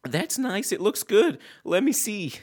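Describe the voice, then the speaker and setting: A woman's voice: mid-range voice, sing-song, measured pace, darkish tone. A woman co-hosting a comedy podcast, teasing her partner in playful, improvised banter. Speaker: podcast co-host.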